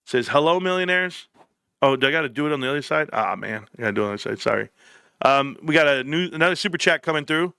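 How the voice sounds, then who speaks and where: Gravelly, bright-toned male streamer. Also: medium pitch, racing, no room sound, clean studio sound. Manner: loose, profane, joking banter. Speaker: live stream host. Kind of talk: casual live stream chat, reading viewer comments.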